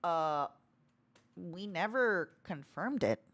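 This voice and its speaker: Woman streamer, casual chat, lively up-and-down voice, blunt to-the-point delivery. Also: slow pace. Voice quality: animated, self-described harsh to-the-point tone. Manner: rambling with many restarts and fillers, sudden loud squeaky imitations.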